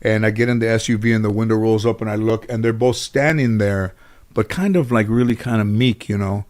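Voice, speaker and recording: A lowish-voiced man speaks briskly as a guest in a relaxed interview. He rambles through extended stories, dropping fillers and starting over often, and animates the people he quotes by acting them out.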